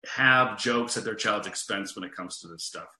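A man, a guest author, talking earnestly about parenting in a relaxed podcast chat, restarting his sentences often. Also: on the low side, moderate pace, roomy sound, a crowd in the background, low-quality recording. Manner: earnest, restarts often, amused when telling stories. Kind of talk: conversational podcast talk.

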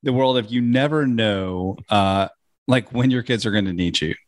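A man's voice: on the low side, normal speed, dry recording. A man in his thirties or forties, co-hosting a podcast, telling a family story in a loose chatty way and acting out quotes with laughs. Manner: animated, acts out quotes, laughs often. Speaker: podcast co-host. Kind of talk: casual storytelling chat.

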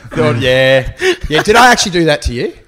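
A man's voice: on the high side, sing-song, brisk, a bit bright. Rambling, laughing Australian man. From Australia, Perth. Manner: laughs through rambling self-mocking stories. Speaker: guest comedian. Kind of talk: casual podcast chat, storytelling.

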